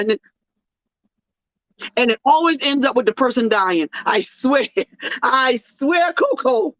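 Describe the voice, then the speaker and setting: A woman hosts her own show with a fairly high voice, speaking a little slowly in a casual, joking monologue that has a preachy, sermon-like cadence. She's animated, and the dry, dull lo-fi recording has no room sound.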